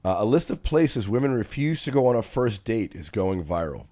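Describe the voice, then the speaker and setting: A man's voice: on the low side, sing-song, moderate pace, dark tone. A middle-aged man hosting a podcast, chatting in a blunt, profane, joking way. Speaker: podcast host. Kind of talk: casual comedic chat.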